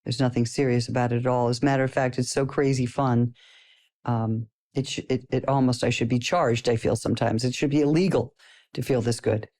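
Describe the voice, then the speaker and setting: A middle-aged woman talks listeners through a personal growth lesson in a casual, animated voice. She keeps it playful and light and laughs often as she goes. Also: rumbling low, a little fast. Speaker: personal development course teacher.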